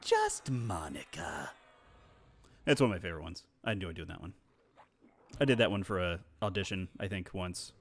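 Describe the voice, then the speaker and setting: A man's voice: low voice, fast, slight background noise. A man streaming live, chatting casually and animatedly as he tells stories about voice acting. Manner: animated storyteller who slips into voices. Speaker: streamer and voice actor.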